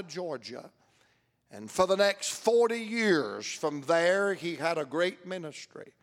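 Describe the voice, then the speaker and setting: An older man preaching a sermon as pastor, reading scripture aloud and stretching out key words between long pauses. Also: sits high, in a large hall.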